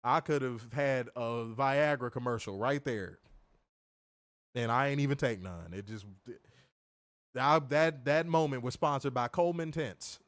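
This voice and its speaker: Speaking a little slowly in a medium-pitched voice, a man co-hosting a wrestling review show tells loud, profane stories and laughs often in loose, casual chat. There's no room sound.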